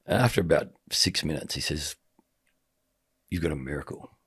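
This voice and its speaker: A man's voice: extremely low pitch, expressive, normal speed, a bit bright, breathy edge. A middle-aged man telling a personal story in casual conversation, acting out the dialogue as he goes. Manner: vivid storyteller who acts out quoted dialogue. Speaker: podcast guest, sports commentator.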